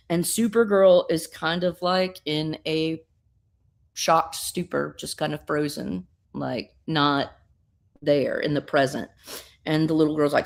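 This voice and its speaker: A woman with a notably low voice casually recaps a comic book. She tells the story in an animated way, swears freely and fills her pauses with plenty of "um"s and "uh"s. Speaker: guest reviewer.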